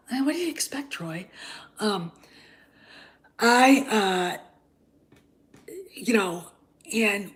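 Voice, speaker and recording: A woman hosting her own channel, talking in a blunt, heated, casual rant and swearing freely. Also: medium pitch. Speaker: channel host. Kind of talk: casual ranting commentary.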